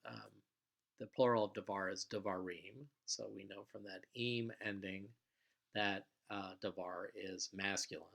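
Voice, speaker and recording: Calm, low-voiced man teaching vocabulary. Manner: patient, explanatory, with frequent pauses and fillers. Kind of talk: recorded vocabulary lecture.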